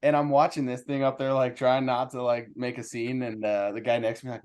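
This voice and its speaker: A man's voice: medium pitch, flat delivery, brisk, hardly any pauses, darkish tone, smooth. A man who teaches, co-hosting a casual podcast and telling stories animatedly, quoting himself and others. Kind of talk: casual chat.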